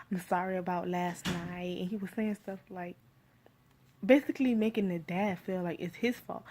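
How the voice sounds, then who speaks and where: A woman with a Miami accent and a fairly low-pitched voice offers a casual spoken movie review. She rambles loosely, peppering her talk with "like" and "you feel me," and becomes animated when retelling scenes.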